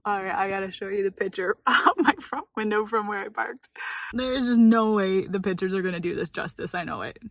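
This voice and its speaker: A woman's voice: medium pitch, fairly quick, a bit bright, no echo, low-quality recording. A middle-aged woman from the United States, chatting casually as a travel vlogger, laughing often and talking with enthusiasm from her car and outdoor overlooks.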